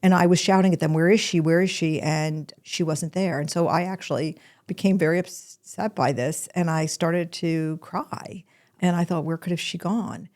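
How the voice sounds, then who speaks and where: A woman's voice: on the low side, fairly even intonation, normal speed, darkish tone. An older woman hosting a podcast, telling a personal story in a candid, emotional way. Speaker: podcast host.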